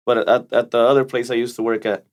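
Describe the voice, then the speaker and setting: A man's voice: medium pitch, flat delivery, quick pace. Easygoing young man, rambling stories. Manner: rambling, restarts often. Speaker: podcast co-host. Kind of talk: casual chat.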